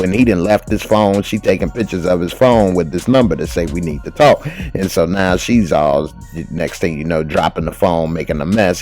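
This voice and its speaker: A man giving a casual, slangy recap of a TV episode, telling the story with animated delivery and acting out the characters' lines. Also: low-pitched. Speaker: TV recap host.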